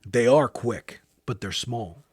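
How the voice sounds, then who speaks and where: A man's voice: medium pitch, takes it slowly, breathy edge, dry recording, clean studio sound. A man co-hosting a podcast in casual chat, rambling and restarting his sentences. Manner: rambling, restarts and trails off into asides. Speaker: podcast co-host.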